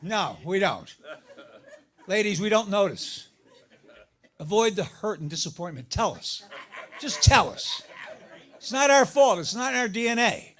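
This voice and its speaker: A middle-aged man doing a stand-up comedy set, telling stories about his marriage, his voice jumping up high for the punchlines. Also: unhurried, long pauses. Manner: animated storytelling, voice jumps up for punchlines. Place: live comedy venue with audience laughter.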